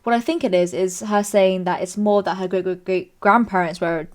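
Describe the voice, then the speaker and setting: Young British woman streamer, casual chatty read-and-react delivery, lively pitch jumps. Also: normal speed. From Britain. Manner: chatty, animated, jumps into high squeals when amused. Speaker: streamer reading and judging online stories. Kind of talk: casual commentary reading posts aloud.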